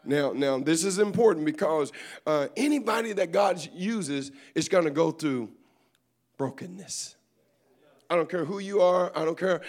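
A man preaching a sermon as bishop to a congregation, with call-and-response, "amen" after nearly every line, folksy humor and storytelling, and rising fervor. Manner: builds to loud, higher-pitched fervor. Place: church service before a congregation.

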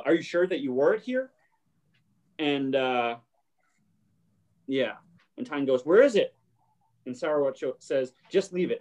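A man's voice: fairly high pitch, a little mellow. A man hosting a casual chat and retelling a show scene, briefly acting out the characters' lines. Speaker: podcast host.

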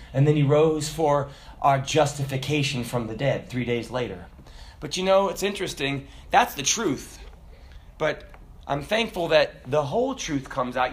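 A man preaching a sermon, emphatic and animated, with dramatic pauses. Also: high voice.

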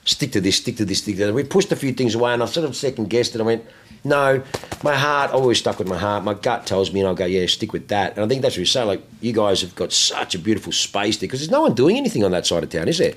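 An Australian man with a fairly low voice talks loosely and with plenty of profanity as he hosts a relaxed chat. He tells his stories animatedly and keeps the conversation rolling. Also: quick pace. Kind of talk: casual chat.

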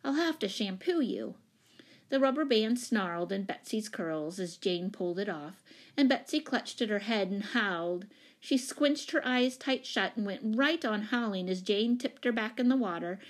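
A woman narrating a children's story in a calm, even reading voice. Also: mid-range voice, normal speed.

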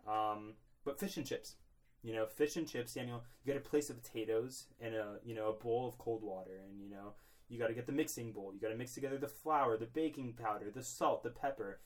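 A man's voice: mid-range voice, fairly quick. A young man co-hosting a podcast in a small closet, rambling mock-seriously with lots of filler words. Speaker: podcast co-host. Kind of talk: comedic casual chat.

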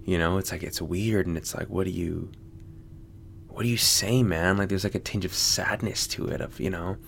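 A man's voice: low voice, fairly even intonation, normal speed, creaky, a bit bright. An American man hosting a podcast, rambling casually with lots of fillers and swearing. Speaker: podcast host. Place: Sydney.

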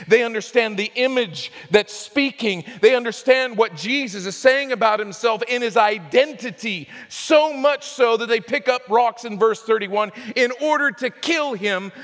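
A man preaching a sermon with impassioned swings between loud, high emphasis and low, quiet stretches. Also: big-room sound. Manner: impassioned preaching with big swings in pitch and loudness. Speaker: pastor.

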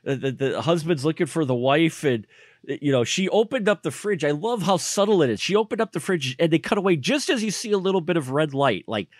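A man co-hosting a casual podcast, excitedly recapping a bad movie scene by scene and laughing often. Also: a little high, brisk, no echo, studio quality. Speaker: podcast co-host.

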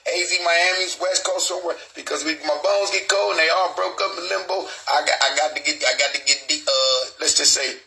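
A man's voice: a little high, brisk, gravelly, few pauses, bright, forceful tone, soft background music, rough recording. A middle-aged man hosting a live online show, talking in a rambling, streetwise way and swearing freely. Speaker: show host. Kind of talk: casual live stream talk.

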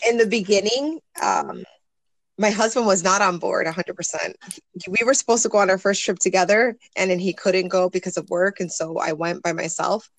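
A woman in her forties, a guest in a casual interview, earnestly tells a personal story and acts out the voices of others she quotes. Her medium-pitched voice is animated and a little fast, captured in a dry recording.

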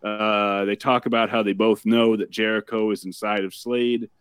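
A man hosting a casual podcast, recapping a TV episode in a wry, deadpan way. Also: lowish voice, normal speed, clean tone, no room sound, studio quality. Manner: wry, deadpan summarizing with profanity.

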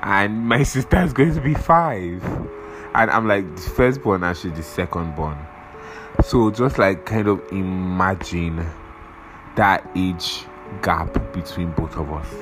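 A man's voice: sits low, takes it slowly, over music, rough recording. A young man hosting a podcast, rambling casually, swearing often and losing his train of thought while he has a cold. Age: young adult. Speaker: podcast host.

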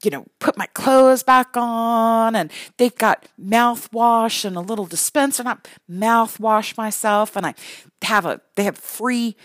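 A woman's voice: a little high, measured pace, dry recording, low-quality recording. A mother telling a story casually, rambling with many restarts, self-deprecating and laughing along.

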